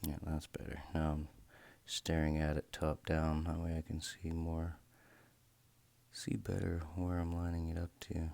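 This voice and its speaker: A man's voice: extremely low pitch, completely flat delivery, measured pace, gravelly, warm tone. A man hosting a watch modding video, chatting casually and rambling to himself as he works. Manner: rambling, talks to himself, self-deprecating. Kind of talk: casual narration while working.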